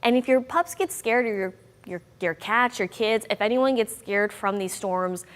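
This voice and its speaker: A woman's voice: mid-range voice, lively intonation, normal speed, big-room sound. A young woman meteorologist giving a chatty, upbeat weather forecast with bouncy emphasis.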